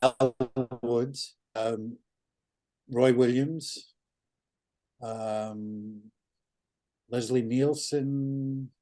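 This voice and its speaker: A man's voice: mid-range voice, steady tone, drawn-out words, pauses often, warm tone. A man in his seventies from New York, a guest chatting casually in an interview and talking bluntly, with some swearing. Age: 70s.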